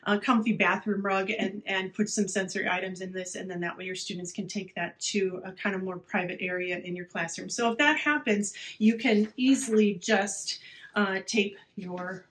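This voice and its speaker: A woman's voice: medium pitch, steady tone, moderate pace. Chatty woman giving teaching tips. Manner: chatty, many fillers, drops to a quiet, hushed voice at times. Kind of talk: casual instructional talk.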